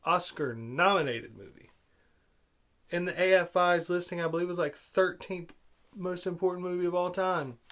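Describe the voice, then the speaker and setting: Man, higher-pitched voice, exasperated film rant, sarcastic, loud outbursts and low mutters. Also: normal speed. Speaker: movie reviewer. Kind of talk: ranting film review.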